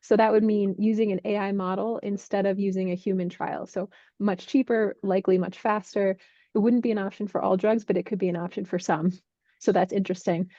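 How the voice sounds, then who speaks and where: A woman working as a healthcare investment analyst, clearly and methodically explaining drug industry developments. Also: mid-range voice, fairly even intonation, brisk, dark tone, dry recording, muffled recording.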